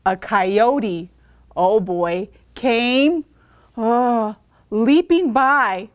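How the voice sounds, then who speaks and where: A woman's voice: on the high side, extremely slow, dry recording. A woman librarian reading a picture book aloud to children, stopping to ask them questions. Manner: animated, asks kids questions. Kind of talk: children's story time reading.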